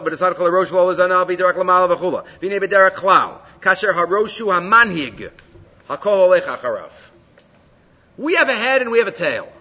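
Man, Torah teacher, high husky voice, very lively pitch, animated, long reverb. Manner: animated, asks rhetorical questions. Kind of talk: Torah class reading and translating a text. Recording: dull lo-fi recording with long reverb.

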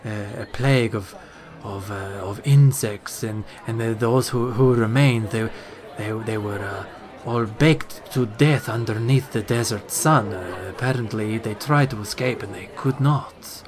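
Halting male game master narrator. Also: on the low side, a crowd in the background. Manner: halting, many fillers and restarts.

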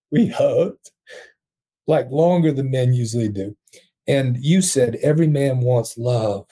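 A man telling an emotional story as a podcast guest, earnest and quick to laugh. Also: mid-range voice, mellow. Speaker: podcast guest, prison ministry founder. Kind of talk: storytelling in conversation.

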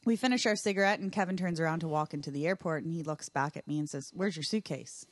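Woman, young adult, podcast guest, animated storytelling, fairly low voice, dry close sound. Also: fast, no room sound. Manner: animated, re-enacts her own panicked lines. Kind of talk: casual storytelling chat.

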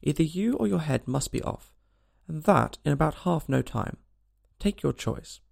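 A man's voice: on the high side, lively intonation, normal speed, vocal fry, heavily acted. A man doing a savage, barking queen. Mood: commanding. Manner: loud, barking, commanding. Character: savage, short-tempered queen.

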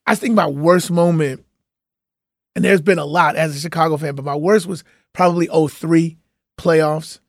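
A man's voice: on the high side, fairly even intonation, normal speed, vocal fry, no echo, clean studio sound. A man in casual chat who teases and laughs along with the others.

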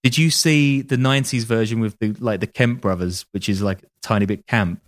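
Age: adult. Sex: man. Style: wry casual true-crime storytelling. Pitch: lowish. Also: steady tone, fairly quick. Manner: wry, joking asides, swears casually. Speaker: podcast host.

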